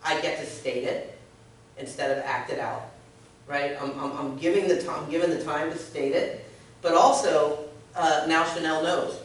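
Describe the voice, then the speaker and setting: A woman's voice: low-pitched, steady tone, normal speed, recorded from a distance. An earnest woman leads a workplace discussion, stressing her points and checking in with her listeners. She sits well back from the mic in a very echoey meeting room. A faint noise floor hums underneath. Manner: earnest, emphatic, often checks in with "right?". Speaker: social services staff member leading a discussion.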